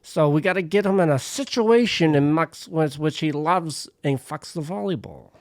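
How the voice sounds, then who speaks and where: A man doing an impression of a cigar-chomping Hollywood director eagerly pitching a movie idea. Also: normal speed, no echo, studio quality, lightly acted.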